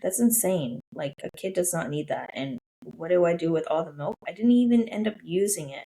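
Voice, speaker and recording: A woman's voice: lowish voice, a little fast, mellow, low-quality recording. A woman in her thirties hosting a solo podcast, telling a personal story in an emotional, gushing, casual way. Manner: emotional, gushing, with lots of "I was like". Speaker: podcast host.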